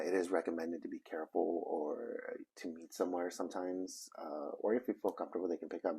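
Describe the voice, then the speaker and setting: A man casually telling a story from his reselling business, rambling and halting with many fillers and restarts. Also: low voice, warm tone, breathy edge. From Arizona, United States.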